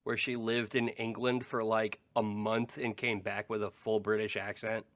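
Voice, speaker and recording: A man's voice: fairly low pitch, flat delivery, a bit bright, no room sound. Dry-sounding man cracking wry jokes. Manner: wry, quick joking asides. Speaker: podcast co-host. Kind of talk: casual chat.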